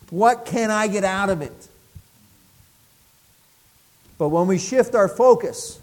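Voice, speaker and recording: A man preaching a sermon as pastor, emphatic, lifting his voice for quoted prayers and dropping soft to pray. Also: sits high.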